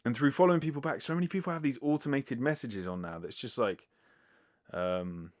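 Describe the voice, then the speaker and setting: A British podcaster with a medium-pitched voice, talking a little fast, fields listener questions solo in a rambling, filler-laden, casually sweary manner. He's recorded up close on a sensitive microphone.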